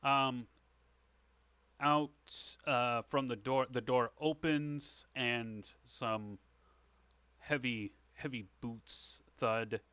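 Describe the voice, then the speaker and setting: Bright-voiced man narrating a tabletop game. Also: medium pitch, steady tone, drawn-out words, smooth, no room sound. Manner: casual, rambling description with many fillers. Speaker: game master. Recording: online session.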